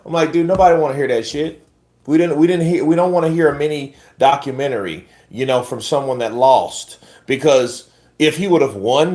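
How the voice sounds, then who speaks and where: A man hosting casual boxing commentary on a livestream, blunt and profane, talking to his chat as bro. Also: mid-range voice.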